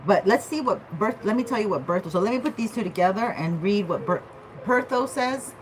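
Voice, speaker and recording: A woman's voice: mid-range voice, lively intonation, a little fast, a little hiss or hum, poor audio. A woman giving a casual tarot reading, chatty and loose, often checking in with "okay?". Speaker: tarot reader.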